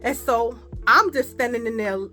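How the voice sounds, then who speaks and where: Animated high-voiced woman telling a story. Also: moderate pace, soft background music. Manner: animated, slangy, profane. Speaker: vlogger. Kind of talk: casual storytime.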